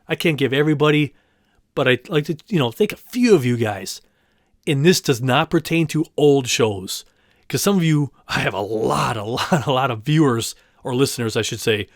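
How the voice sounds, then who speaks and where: A man talks through his solo podcast in a loose, rambling way. He pokes fun at himself as he goes, and his voice sits at an ordinary middle pitch. The recording is dry and close, with no room sound. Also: no room sound. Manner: chatty, rambling, self-deprecating, friendly. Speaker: podcast host. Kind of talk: casual solo podcast talk.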